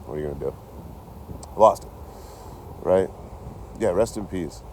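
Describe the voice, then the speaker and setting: A man's voice: low voice, unhurried, warm tone, a little hiss or hum. A young man telling a rambling story outdoors near his camp, swearing and laughing often. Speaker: vlogger. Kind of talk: casual storytelling.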